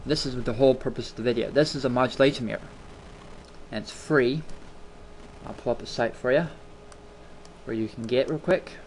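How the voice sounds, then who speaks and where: This tutorial host has a mid-range voice and talks a little fast, with slight background noise behind him. Seated at his home computer with a desktop mic, he runs a casual screen recording, rambling and chatty and doubling up words for emphasis.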